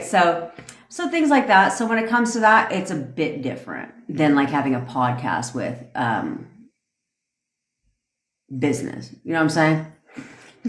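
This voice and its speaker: A woman's voice: deep voice, reverberant. Laughing, swearing woman on a livestream. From North America. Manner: profane, laughing, rambling. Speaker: manifestation coach. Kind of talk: casual livestream chat.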